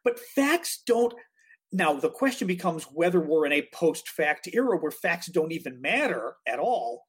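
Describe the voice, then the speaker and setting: A podcast co-host in casual political chat, talking in an animated, exasperated way and swearing. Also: mid-range voice, a little slow, breathy edge.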